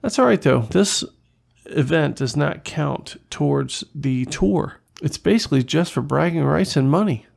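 A man hosting a gaming channel, giving casual, excitable gameplay commentary, talking to viewers and swearing when things go wrong. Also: a little high, measured pace, creaky, breathy edge, rough recording.

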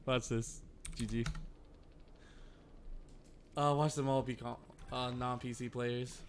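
A man giving excitable live commentary while streaming a game, swearing and talking to the players he is up against. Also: medium pitch, takes it slowly, long pauses. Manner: excitable, swears, talks to opponents.

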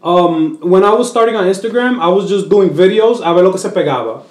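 Here a Dominican-born comic speaks a little fast, his voice sitting high against a reverberant backdrop. He's a guest in a relaxed interview, mixing English with Spanish and animatedly putting on voices while spinning his stories.

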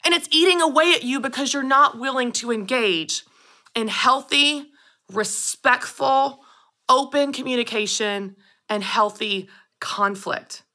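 A woman in her thirties hosting a solo podcast, telling personal stories with animated delivery and acting out quoted lines. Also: high-pitched, a little slow. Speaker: podcast host. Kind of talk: scripted solo podcast monologue.

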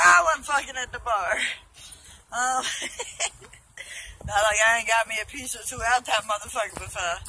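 A tipsy woman vlogging on her phone while walking outdoors, loud and profane, laughing often. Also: on the high side, a little hiss or hum. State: tipsy from drinking. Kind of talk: casual self-filmed vlog. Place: outdoors walking along a road.

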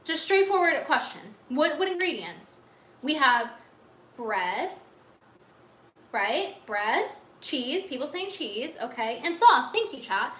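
A woman's voice: high-pitched, very animated, slow pace, fairly bright tone, reverberant. A young woman livestreamer ranting to her chat, exasperated, sarcastic and full of swearing.

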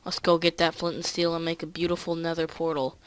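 A let's play gamer chatting casually and excitably through each move of the game. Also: medium pitch, fairly quick, a little hiss or hum. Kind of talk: casual gameplay commentary.

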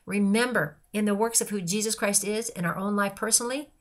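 An older woman speaks in an earnest, heartfelt devotional talk, piling up phrase after phrase in long lists. Her pitch sits in a middle range for a woman. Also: fairly even intonation, fairly quick. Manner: earnest and repetitive, listing phrases. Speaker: christian speaker.

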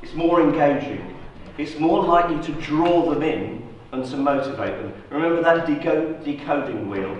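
Male guest lecturer, lively, quizzing the room, faint ambience. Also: fairly high pitch, normal speed, hardly any pauses, dull audio, slight background noise. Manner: lively, rhetorical questions to the audience. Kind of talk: university lecture. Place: lecture hall. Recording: roomy echo, distant mic.

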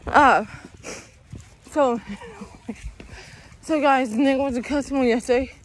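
Young woman vlogger, high voice, slow rambling delivery, out of breath, phone held up outdoors. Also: slight background noise. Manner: rambling, says "you guys" constantly. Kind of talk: casual vlog chat. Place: outdoors walking around town.

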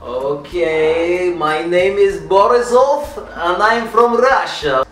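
A man's voice: high-pitched, slow, a bit bright, recorded from a distance, voice pushed up. A man doing a heavy mock-Russian traveler. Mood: boastful. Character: boastful Russian traveler man, slow and blunt. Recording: roomy, from afar, music behind.

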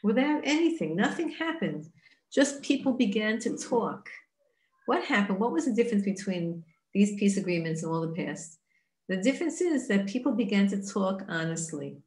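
A woman teaching a Torah class in an earnest, chatty way. She asks rhetorical questions, restarts her sentences and says things again in new words. Her voice sits at an ordinary pitch and rings in a roomy, echoey space. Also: very animated, moderate pace, darkish tone.

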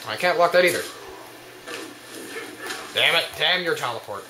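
A young man commentating his own gameplay, swearing and yelling at the opponent. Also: fairly high pitch, expressive, moderate pace, echoey room, noisy background. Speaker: let's play gamer.

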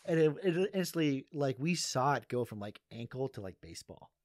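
Rambling comedian from Massachusetts, laughing often. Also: male voice, mid-range voice, animated, fairly quick, a little mellow, dry recording. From Massachusetts, USA. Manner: rambling, laughs often, many "you know what I mean". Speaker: comedian guest. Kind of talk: casual podcast storytelling.

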